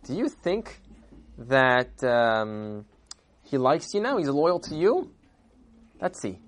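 A man voicing a calm, kindly older bishop in a told story, speaking softly and in a measured way. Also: mid-range voice. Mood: calm, knowing.

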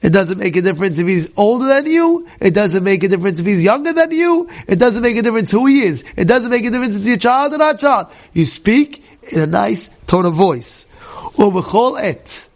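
Lively high-voiced rabbi teaching. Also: male voice, fairly quick. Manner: animated, acts out shouting examples, mixes Hebrew quotes with English. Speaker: rabbi teaching a Torah class. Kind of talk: lively Torah class.

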